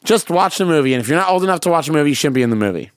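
A man's voice: on the high side, expressive, rapid-fire, smooth, no echo, studio quality. A man who is a comedian guest on a comedic advice podcast, talking in a rambling, ranty way and breaking into silly voices.

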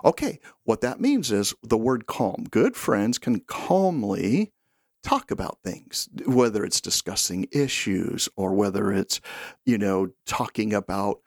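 A middle-aged man co-hosting a podcast, telling stories in a casual, animated way and acting out quoted lines. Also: on the low side, a little slow, no echo, clean studio sound. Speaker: podcast co-host.

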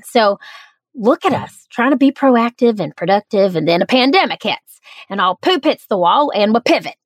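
A woman's voice: medium pitch, dry recording. A woman hosting a podcast, with a nasal twang and an upbeat, playful way of talking. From American South and Midwest. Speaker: podcast host. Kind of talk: podcast intro and host talk.

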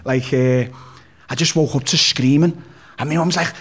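A man's voice: medium pitch, steady tone, normal speed, breathy edge. A man with a Liverpool accent, telling a personal story as an interview guest in a blunt, sweary, rambling way. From Liverpool, England. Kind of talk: casual storytelling.

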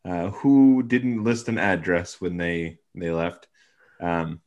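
A man with a lowish voice recaps a TV episode on a casual podcast. He tells it loosely, with dry, sarcastic asides and the odd swear word. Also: slow pace, darkish tone. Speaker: podcast co-host.

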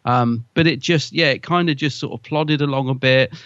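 A man's voice: mid-range voice, normal speed, fairly bright tone, no echo, dull audio. A man co-hosting a podcast, chatting casually and rambling with lots of fillers. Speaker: podcast co-host. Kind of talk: casual chat.

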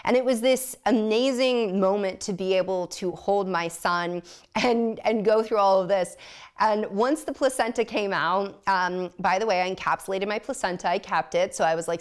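A woman's voice: medium pitch, moderate pace, smooth. A woman guest on a podcast telling a personal story candidly, blunt and self-mocking, often laughing.

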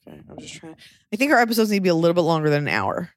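Woman, podcast host, low-pitched, dry close sound, wry storyteller. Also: very fast, no room sound. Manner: wry, animated storytelling with acted-out quotes. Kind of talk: casual chat.

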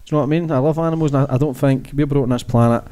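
A man's voice: medium pitch, very fast, warm tone. A Scottish man hosting a podcast, talking in an earnest, sweary way and saying mate a lot. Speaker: podcast host. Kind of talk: casual podcast chat.

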